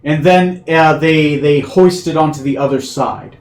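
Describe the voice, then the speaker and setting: A man's voice: on the high side, a little slow. A man narrating a tabletop game as game master, hesitant with many fillers. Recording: echoey room.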